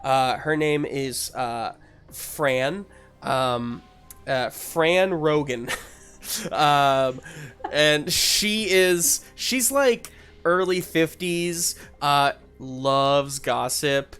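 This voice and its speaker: A man's voice: a little high, very slow, a bit bright, clear, resonant tone, faint music behind. A man narrating as game master in a tabletop game, in a loose, filler-heavy way.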